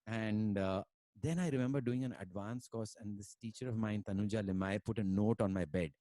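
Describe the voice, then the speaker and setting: A man's voice: lowish voice, a little fast, mellow, dry recording. Man telling stories, dry sound. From India. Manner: rambling, many fillers, mixes in Hindi words. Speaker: musician guest. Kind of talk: casual conversation and storytelling.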